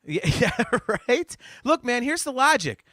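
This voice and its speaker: A man hosting a casual podcast chat, animated and teasing, often laughing. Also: very high-pitched, measured pace, no room sound, studio quality. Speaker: podcast host.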